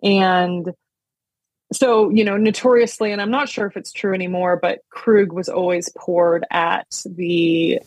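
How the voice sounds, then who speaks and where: A woman's voice: on the low side, fairly even intonation, measured pace, a little mellow, no echo. An American woman in her thirties, a wine professional chatting casually in a podcast interview, with lots of fillers and restarts. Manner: chatty, many fillers and restarts, laughs often. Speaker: sommelier and wine importer, guest.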